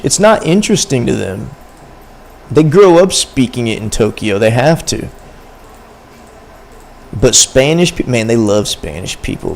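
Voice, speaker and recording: On his livestream, a young man talks loosely to chat, wandering from thought to thought in slang. His medium-pitched voice is gravelly and a little mellow.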